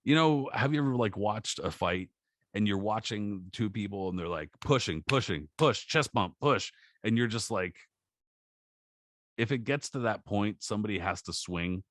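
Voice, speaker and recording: Low-voiced male podcast co-host, dry close mic, swears freely while telling stories. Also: normal speed, dry recording. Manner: profane, animated storytelling with acted quotes. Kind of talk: casual chat.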